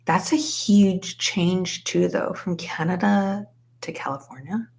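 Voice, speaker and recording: Young woman, low voice, vocal fry, casual live stream chat, crocheting, chatty with lots of fillers. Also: slow pace, a little mellow. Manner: chatty, says "like" a lot, reads out chat names.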